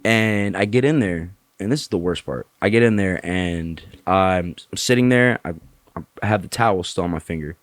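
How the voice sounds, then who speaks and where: Animated man telling a story, dry sound. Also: low voice, moderate pace, no echo. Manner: animated, swearing freely, acts out other people. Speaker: podcast guest. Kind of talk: casual storytelling. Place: Tampa area.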